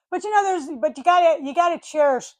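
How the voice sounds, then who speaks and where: An older woman chatting casually on her vlog, telling a story in an animated way and acting out the voices of the people and animals in it. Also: extremely high pitch, no echo. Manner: animated, acts out voices of dogs and neighbors. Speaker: vlogger.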